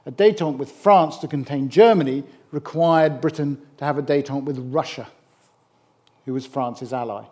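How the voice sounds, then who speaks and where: A middle-aged man giving a public history lecture, animated and emphatic, with wry asides. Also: fairly high pitch, normal speed. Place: lecture hall.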